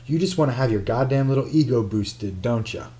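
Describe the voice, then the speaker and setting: Jealous accusing boyfriend, a guy reading him, sarcastic and bitter, kinda mellow tone. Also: mid-range voice, lively intonation, fairly quick, natural voice. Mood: angry. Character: jealous angry male lover, sarcastic.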